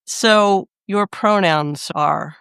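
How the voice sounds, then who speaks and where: A woman's voice: medium pitch, drawn-out words, gravelly, fairly bright tone, clear, resonant tone, no room sound, studio quality. A woman hosting a podcast interview in an upbeat, encouraging way. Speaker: podcast host.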